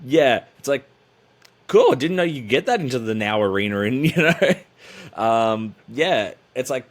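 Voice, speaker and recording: A man joins a podcast as a guest commentator. He rambles with a dry, sarcastic edge. His voice sits at an everyday middle pitch. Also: sing-song, measured pace. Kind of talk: casual podcast chat.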